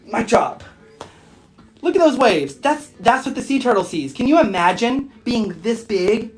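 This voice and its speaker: A woman's voice: on the high side, expressive, unhurried, a little mellow, soft background music. A woman hosting a casual phone livestream, bubbly and laughing often as she reacts to viewer comments. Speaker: livestream host and spiritual shop owner.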